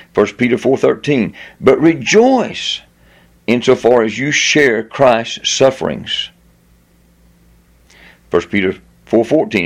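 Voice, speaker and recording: A male pastor preaching a sermon, reading scripture aloud and leaning hard on key words, slowing down and lifting his voice for emphasis. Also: medium pitch. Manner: reads scripture aloud with stress on repeated words.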